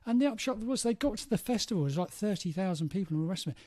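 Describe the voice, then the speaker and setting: A man's voice: sits high, animated, rapid-fire, dark tone. A man hosting a podcast, telling stories in casual chat and laughing between lines. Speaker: podcast host.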